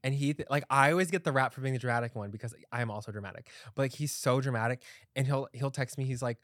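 A man's voice: mid-range voice, fast talker, a bit bright, dry recording. Chatty young man hosting, dry sound. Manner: chatty, laughing, lots of "like". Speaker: podcast host. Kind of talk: casual chat.

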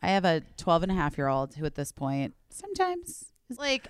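A bubbly, chatty woman hosting a podcast and reading ads with plenty of enthusiasm. Her voice is smooth and clear, recorded close and dry. At times she drops down low and quiet to make a point land. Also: wildly swooping pitch, normal speed, dry recording. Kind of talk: casual chat ad read.

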